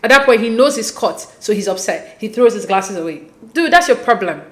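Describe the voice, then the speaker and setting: A woman hosting a casual, animated recap, talking conversationally and acting out quotes as she goes. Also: on the high side, brisk, roomy sound. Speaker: podcast host recapping a reality show.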